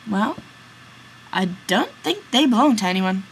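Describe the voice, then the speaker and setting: A woman voicing an excitable, easily swayed young man in a story. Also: medium pitch, measured pace, a little hiss or hum, poor audio.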